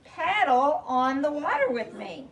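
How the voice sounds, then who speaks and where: A woman voicing a gentle, encouraging mother duck in a soft, coaxing voice. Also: sits high, big pitch swings, unhurried, lo-fi sound, heavily acted. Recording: distant mic, faint noise.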